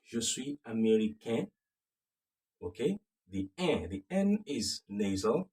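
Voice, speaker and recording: A man with a Nigerian accent teaching French, slowly repeating phrases and checking that the class follows. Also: on the low side, sing-song, dark tone, breathy edge. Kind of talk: slow classroom lesson. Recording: voice from a distance off the mic.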